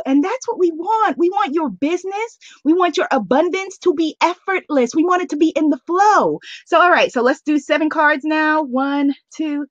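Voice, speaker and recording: A high-voiced woman hosts a live online call, full of cheerleading energy as she greets each viewer by name. The sound is dry and a little dull, like a webcam stream. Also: normal speed, hardly any pauses, no room sound. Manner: effusive, cheerleading, laughs often. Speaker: host of a live planning call.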